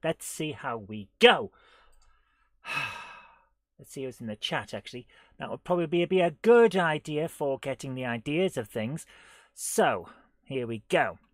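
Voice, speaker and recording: A man's voice: medium pitch, very animated, unhurried, long pauses, no room sound. A man hosting a live game stream, chatting casually and rambling through jokey rhymes and silly asides while often laughing.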